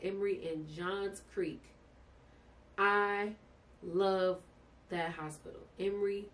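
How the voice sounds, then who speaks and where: A young woman with a lilt tells her story in a lively, heartfelt way, her voice sitting a little low. She sounds set back from the mic, with a faint hiss of noise behind her. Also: far from the mic. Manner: animated, emotional, addresses listeners as "y'all" and "baby". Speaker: podcast guest telling her birth story. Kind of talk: casual storytelling to viewers.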